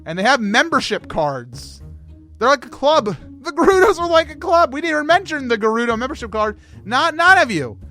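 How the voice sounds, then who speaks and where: Excitable guy hosting a game talk stream, high voice, rambly, soft music in back. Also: brisk. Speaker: host. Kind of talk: casual livestream game discussion.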